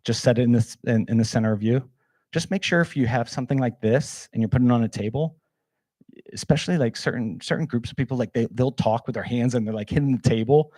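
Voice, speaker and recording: A man's voice: medium pitch, quick pace, dark tone, no room sound, clean studio sound. A man presenting a live workshop, talking casually and with energy while he shows gear, with many fillers like "like" and "man".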